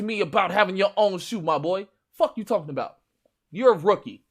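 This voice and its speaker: A man with a Chicago accent, hosting a stream with loud, profane, boastful trash talk about games. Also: high voice, animated, a little fast, husky. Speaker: stream host. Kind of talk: casual gaming chat.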